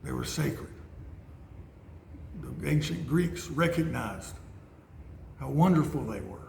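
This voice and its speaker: A man's voice: mid-range voice, animated, slow pace, vocal fry, a little mellow. A man telling rambling Bible and life stories in a conversational way, in a church building. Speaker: speaker. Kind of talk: storytelling sermon. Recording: echoey room, faint noise.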